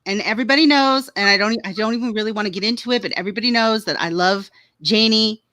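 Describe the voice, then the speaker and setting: A woman co-host talking in a casual chat. She speaks earnestly, pausing and restarting as she goes. Her voice sits at a middle pitch, and the recording is dry. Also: pushed and bright, no echo. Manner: earnest, halting, with fillers. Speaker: podcast co-host.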